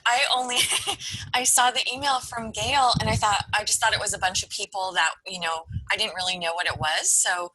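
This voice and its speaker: A woman's voice: medium pitch, steady tone, normal speed, bright, forceful tone, a little hiss or hum, low-quality recording. A woman calling in from home on a work computer, hesitant and surprised, with nervous laughs. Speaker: caller. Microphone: work computer without camera.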